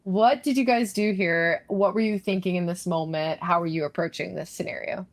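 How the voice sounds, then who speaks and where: A woman's voice: fairly low pitch, steady tone, normal speed, no room sound. A woman co-hosting a podcast, leading a casual chat about a video game and putting questions to the group. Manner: asks the group questions, moves the talk along. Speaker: podcast co-host leading the discussion.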